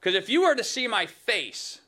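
Guy putting on God talking quick and blunt, slightly higher bright voice. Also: big pitch swings, heavily acted. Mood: matter-of-fact. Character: God speaking plainly to a man.

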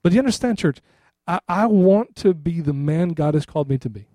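A man's voice: fairly high pitch, expressive, fairly quick, dark tone, no echo, clean studio sound. A middle-aged man, a pastor, preaching a sermon in a loose, conversational way, often checking in with the congregation. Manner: conversational, repeats "right?" to the congregation.

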